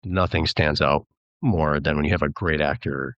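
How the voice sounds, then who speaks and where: Deep-voiced man, chatty film guest. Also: steady tone, moderate pace, fairly bright tone, no echo, highs cut off. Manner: chatty, rambling, slips into mimicking voices when quoting. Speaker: filmmaker and actor, guest. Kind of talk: casual podcast interview.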